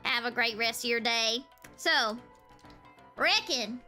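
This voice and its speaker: A woman's voice: on the high side, takes it slowly, sharp tone, faint music behind. A young woman from the Southern United States, a streamer chatting casually with viewers, giggling and rambling with lots of fillers and restarts. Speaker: VTuber streamer. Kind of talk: casual chat answering viewers.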